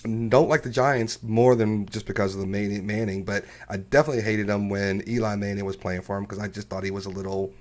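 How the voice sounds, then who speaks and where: A man's voice: on the low side, steady tone, a little fast, hardly any pauses, a little mellow. A man co-hosting a casual talk show, telling stories and laughing as he goes. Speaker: podcast co-host. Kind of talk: casual chat.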